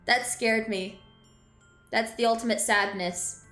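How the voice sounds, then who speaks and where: A woman's voice: mid-range voice, lively intonation, normal speed, reverberant, soft background music. A woman streaming a game and chatting casually with her viewers. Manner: chatty, laughing, reacting to chat. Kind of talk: live gameplay commentary.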